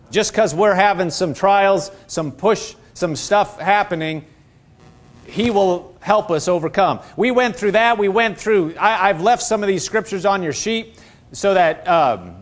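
A middle-aged pastor with a fairly high voice delivers a sermon, quoting scripture and calling on his congregation to answer him in call-and-response style.

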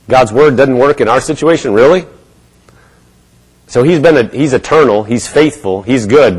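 A man preaching to a congregation, his voice dipping low and muttering when he mimics self-pity, then climbing as he declares what he believes. His pitch sits in an ordinary middle range for a man. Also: husky, low-quality recording. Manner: acts out a gloomy mumbling inner voice, then lifts to bold declarations. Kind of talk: sermon.

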